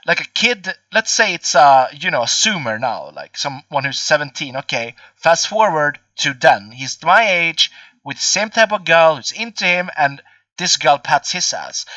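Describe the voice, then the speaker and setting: Rambling, profane young man, bright voice. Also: a little high, big pitch swings, normal speed, no echo, distant mic. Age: 20s. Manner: rambling, profane, many fillers. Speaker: podcast host. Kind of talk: casual chat.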